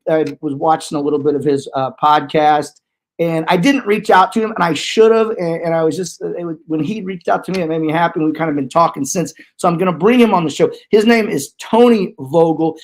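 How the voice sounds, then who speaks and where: A man's voice: a little high, a little fast. A man in his forties hosting a podcast, loose and joking with hype-man energy. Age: 40s. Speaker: podcast host. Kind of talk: casual chat.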